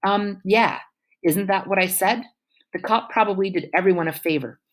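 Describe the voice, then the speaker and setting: A woman's voice: medium pitch, normal speed, voice pushed up, natural voice. A woman reading aloud, voicing a snide, defensive teenage girl with a whiny, raised voice. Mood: dismissive.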